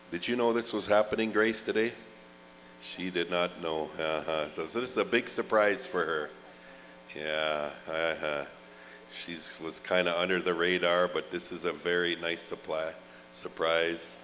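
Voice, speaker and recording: A man announcing at a live gathering, unhurried and slightly low-pitched. His words ring out with a long loudspeaker echo, and a faint hum sits underneath. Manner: slow, drawn-out calls with frequent "oh, uh" fillers and joking asides. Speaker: pow wow emcee. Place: large outdoor event grounds.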